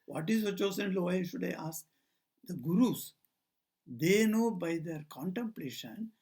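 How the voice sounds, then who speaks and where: A man's voice: high-pitched, expressive, normal speed, a little mellow, slightly rough. An older man, a monk, giving an informal spiritual talk indoors, telling stories and acting out the dialogue in them. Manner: storytelling, acts out quoted dialogue, digressive. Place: talk at a society house, indoors.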